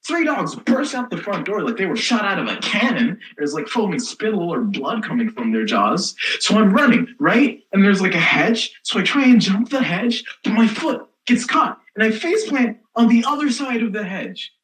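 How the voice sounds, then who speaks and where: A young woman playing a snarky rebellious teen girl in a comic stage monologue, sarcastic and exasperated, with a lively voice. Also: mid-range voice, moderate pace, hardly any pauses, lightly acted, rough recording. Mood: sardonic. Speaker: student actor.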